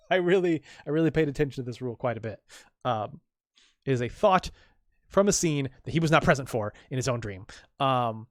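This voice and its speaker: A chatty man talks through the pages of his own comic, restarting sentences as he explains each panel. His voice sits at an everyday middle pitch, and the sound is close and dry with no room around it. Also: no room sound. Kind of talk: casual comic reading with commentary.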